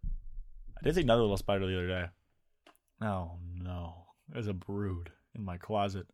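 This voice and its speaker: A young man chatting casually and jokingly on a podcast, sometimes breaking into loud impressions. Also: deep voice, normal speed, dry recording, clean studio sound. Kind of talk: casual chat.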